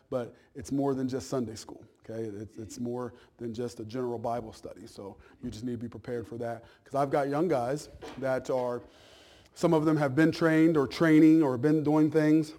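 A pastor with a warm, mid-range voice preaches in a church, delivering a sermon along with Bible class announcements. His manner is folksy and conversational, with repeated words and frequent check-ins with his listeners.

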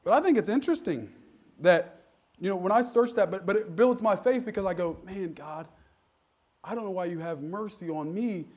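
A man's voice: high-pitched, moderate pace, darkish tone. A middle-aged man preaching a sermon as pastor, folksy and joking, building to emphatic preaching. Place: church.

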